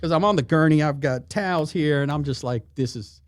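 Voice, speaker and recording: A man's voice: fairly high pitch, a little fast, dry recording, clean studio sound, faint music behind. A middle-aged man, a retired police sergeant telling a story as a podcast guest and acting out the voices in it. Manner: animated, acts out quoted voices. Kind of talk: casual storytelling. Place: studio.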